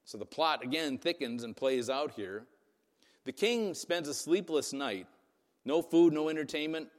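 A man's voice: on the high side, unhurried, in a large hall. A man preaching a sermon in a casual, conversational way, often asking "right?" to his listeners. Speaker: pastor.

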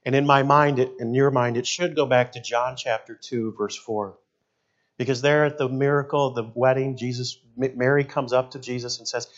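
A middle-aged man, a pastor preaching a sermon in an animated, jokey way. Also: mid-range voice, moderate pace, highs cut off. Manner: animated, jokey, shouts in acted quotes.

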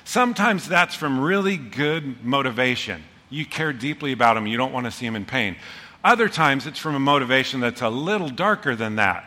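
Excitable pastor in a reverberant hall. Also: male voice, medium pitch. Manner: animated, excitable, fast bursts then slowing down. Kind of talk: sermon.

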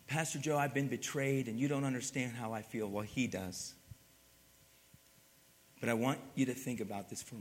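Passionate preaching man in a reverberant hall. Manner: swings from loud emphatic build-ups to hushed, low passages. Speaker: pastor. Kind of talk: sermon.

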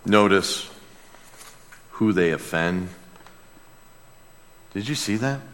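A man preaching a sermon as pastor, passionate, dropping to a hush and then crying out. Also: deep voice, animated, slow pace, in a large hall. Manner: passionate, swings from hushed to crying out.

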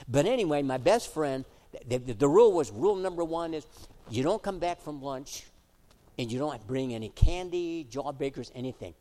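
A middle-aged male pastor preaching a sermon, switching between emphatic exhortation and quiet, chatty storytelling. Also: on the high side, expressive, moderate pace. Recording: echoey hall reverb.

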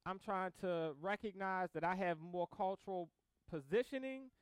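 High, smooth-voiced preacher telling stories. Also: male voice, moderate pace, dry recording. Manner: animated storytelling, acts out both sides of conversations; casual slang-filled delivery with laughter. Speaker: pastor. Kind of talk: sermon.

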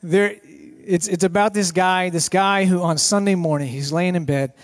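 Excitable man preaching a light sermon. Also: high-pitched, moderate pace. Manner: excitable, joking, repeats phrases. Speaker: guest speaker at church. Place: church sanctuary.

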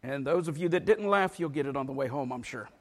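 A pastor preaching a sermon in a church, reading scripture aloud with an emphatic delivery. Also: male voice, medium pitch, expressive, quick pace. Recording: long reverb of a large hall.

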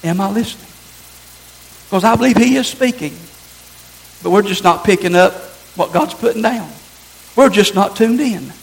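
A man's voice: high-pitched, creaky, rough recording. A man preaching a sermon as pastor, earnest and emphatic, driving his points home through repetition.

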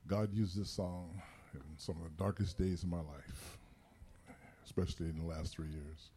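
A man's voice: deep voice, fairly even intonation, normal speed, warm tone, breathy edge. A man giving an earnest personal testimony in a church service before a worship song. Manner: earnest storytelling, exhorting.

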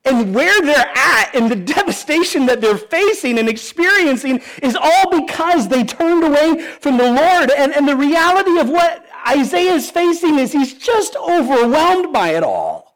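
A man's voice: extremely high pitch, big pitch swings, moderate pace, few pauses, fairly bright tone. A pastor preaching a sermon in an earnest, pleading way, asking the congregation questions and often restarting his sentences.

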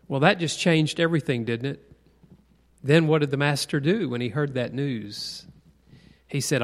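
A man's voice: medium pitch, moderate pace. Church teacher guy quizzing the class, repeats his points, long echo like a big hall. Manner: asks the group questions, stresses points by repeating. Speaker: Bible study teacher. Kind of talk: conversational sermon.

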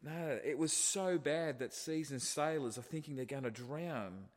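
A man's voice: on the high side, unhurried. Man preaching in a reverberant hall. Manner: conversational preaching with restarts and rhetorical questions. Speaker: pastor. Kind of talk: sermon.

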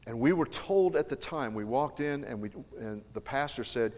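This is a storytelling sermon from a middle-aged man who recounts something personal with earnest emphasis. His medium-pitched voice is expressive and somewhat dark, moving at a moderate pace, and a large hall adds long reverb.

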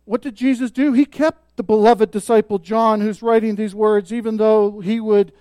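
A man preaching a sermon as pastor, emphatic, swelling loud on key points and dropping soft. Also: high voice, fairly even intonation, moderate pace, no echo.

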